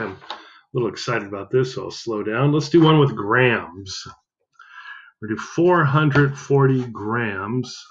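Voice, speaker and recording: A man's voice: mid-range voice, a little hiss or hum. Upbeat man teaching math, lo-fi. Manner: upbeat, counting aloud, self-correcting. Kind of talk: recorded math lesson.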